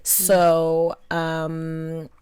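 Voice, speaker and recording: A young adult woman from Long Island, a comedian guest telling stories in animated, casual podcast talk, often laughing. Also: deep voice, extremely slow, clear, resonant tone, no room sound. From Long Island, New York.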